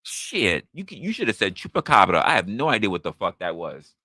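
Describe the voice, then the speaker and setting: A man's voice: on the low side, a little fast, dry recording, studio quality. A man hosting a live stream, reacting to chat and telling a story with a lot of swearing, voicing the people in it, while he drinks. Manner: profane, animated storytelling with voiced quotes. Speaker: podcast host.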